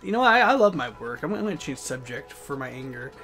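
Bright-voiced young man swearing over gameplay. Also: mid-range voice, very animated, soft background music. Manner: loud, profane, quick frustrated outbursts. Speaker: let's play host. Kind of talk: casual gameplay commentary.

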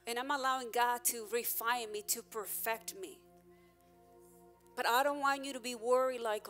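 Woman pastor, higher-pitched voice, candid emphatic sermon, faint music underneath. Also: steady tone, normal speed. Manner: candid, emphatic preaching with shifts in loudness.

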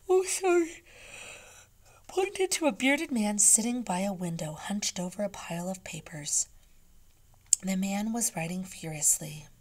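A woman's voice: mid-range voice, slightly rough. Woman teacher reading a chapter book aloud. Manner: soft, often whispered narration, turning animated when asking the class questions.

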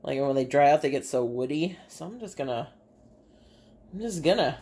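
A woman's voice: sits low, expressive, moderate pace, long pauses, warm tone. A woman with a Bay City, Michigan accent, an artist and teacher chatting casually as she demonstrates a craft in her home kitchen, thinking aloud as she works.

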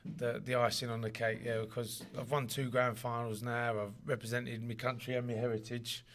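A man's voice: mid-range voice, flat delivery, moderate pace, fairly bright tone, slight background noise. A man, chatting in an interview, rambling and repeating words, laughing often. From London. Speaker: interviewee, rugby league player. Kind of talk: casual interview chat.

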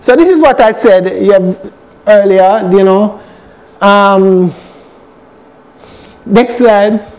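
Jamaican church elder teaching bible study, really high voice, talks slow and keeps repeating himself for emphasis. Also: male voice, a little mellow, poor audio.

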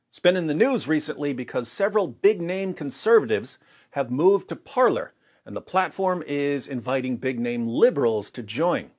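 A man hosting his own video channel, delivering emphatic, argumentative commentary straight to the camera. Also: a little high. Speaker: video host.

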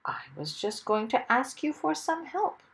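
A woman's voice: fairly high pitch, very animated, moderate pace, vocal fry, fairly bright tone, pitched above the performer's own voice, exaggerated voice. A woman voicing a small, long-nosed pilot who speaks humbly and eagerly. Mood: humble eager.

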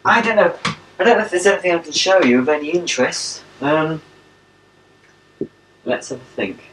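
A man's voice: on the high side, moderate pace. Chatty young man on an old home video. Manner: chatty, playful, coos baby talk at his dogs. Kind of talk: casual home video message to a pen pal. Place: at home, indoors. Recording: old home video, distant mic, faint hiss.

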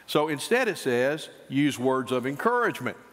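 A male pastor preaching a sermon, swinging between emphatic high points and quieter asides. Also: very animated, moderate pace. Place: church sanctuary. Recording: church hall reverb.

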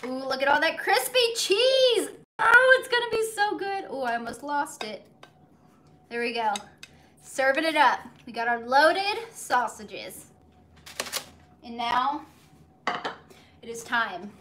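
A woman's voice: sits high, very animated, slow, pauses often, fairly bright tone, a little hiss or hum. A young woman chatting casually to viewers while cooking live in her home kitchen, recorded on a phone on a tripod. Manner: bubbly, chatty, talks to viewers and her dog. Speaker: cooking livestream host.

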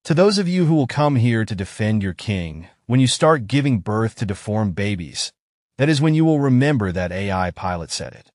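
A man's voice: lowish voice, very animated, normal speed, a little mellow, no room sound, studio quality. A man giving emphatic, lecturing news commentary to his online audience.

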